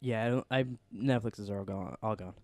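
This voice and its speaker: A man's voice: fairly low pitch, brisk, no echo. Young guy cohosting a chat show, hyped and rambly, laughs a lot, dry mic. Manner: excitable, laughs often, rambling. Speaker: podcast co-host. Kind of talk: casual chat.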